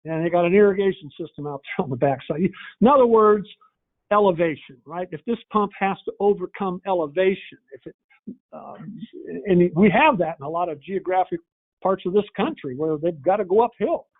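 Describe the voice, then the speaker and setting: A man's voice: sits high, a little fast. A man giving a folksy training talk, telling stories and acting out conversations. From northern Indiana, USA. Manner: folksy storyteller, acts out dialogue. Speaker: pump company trainer. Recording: tinny phone-like audio.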